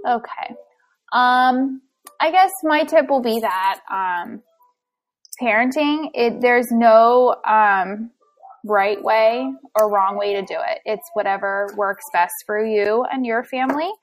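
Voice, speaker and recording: A young woman with a slightly high voice on a parenting podcast. She tells frank, lively stories and acts out what was said at home. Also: slow pace. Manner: frank, animated storytelling, acts out exchanges. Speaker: podcast co-host, mother. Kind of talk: casual chat.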